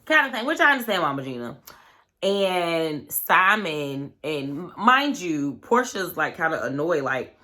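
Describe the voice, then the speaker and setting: A woman's voice: lowish voice, big pitch swings, a little slow, pushed and bright. A woman vlogger recapping a reality show in a loose, chatty way, full of "like" and "you know what I'm saying". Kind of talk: casual storytelling recap.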